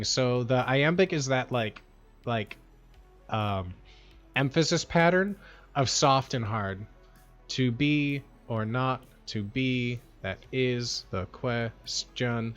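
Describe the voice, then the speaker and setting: Slangy rambling male streamer, lo-fi sound. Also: medium pitch. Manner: rambling slangy talk full of "like" and "bro". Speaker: livestream streamer. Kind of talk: casual livestream chat. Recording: dull lo-fi sound with faint music.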